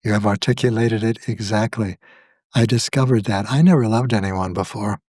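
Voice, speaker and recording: Older man, slow and measured, dry sound. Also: lowish voice, a little mellow, dry recording. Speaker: guest, spiritual author. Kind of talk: reflective conversation.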